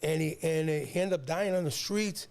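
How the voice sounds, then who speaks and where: A man's voice: a little high, moderate pace, a little mellow. A man in his fifties from San Diego, a rapper guest telling a long personal story in a rambling, slangy way, often repeating words. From San Diego, California. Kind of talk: casual storytelling.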